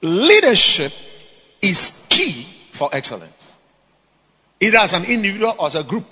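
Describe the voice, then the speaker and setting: A man preaching a sermon in church, emphatic, swinging between loud exhortations and quiet asides. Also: high voice, huge pitch swings, normal speed, slightly rough, long reverb tail.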